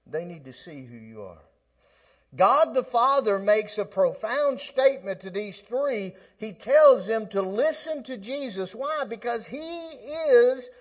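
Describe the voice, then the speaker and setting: A man preaches in a loose, conversational style, often restarting his phrases before building to forceful peaks. The recording has a slightly dull, lo-fi sound. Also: high-pitched. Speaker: pastor. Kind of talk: sermon.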